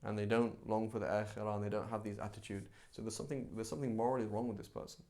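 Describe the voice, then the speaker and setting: A man teaching a live religious class in a conversational, animated way, acting out everyday examples. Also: on the low side, very fast. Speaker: Islamic teacher.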